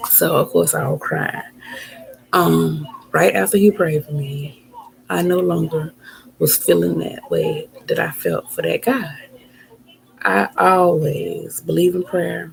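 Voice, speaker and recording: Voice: medium pitch, steady tone, unhurried, creaky, rough recording. A vlogger telling a personal story in a casual, rambling way, with lots of fillers and repeated phrases.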